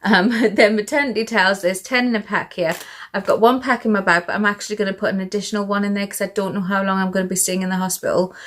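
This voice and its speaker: A woman's voice: mid-range voice, steady tone, quick pace, a bit bright. A British woman chatting through a casual show-and-tell vlog, a little out of breath, rambling with fillers and asides. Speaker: vlogger.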